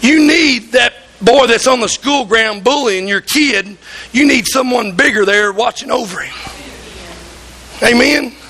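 High-voiced, fervent preacher man. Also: unhurried, bright, forceful tone, low-quality recording. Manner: fervent preaching, acts out voices in quoted stories. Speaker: pastor. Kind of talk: sermon. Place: church.

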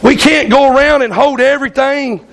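Male pastor, very high voice, emphatic repetitive sermon delivery. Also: normal speed, a bit bright, poor audio. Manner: emphatic, repetitive, keeps asking "Amen?".

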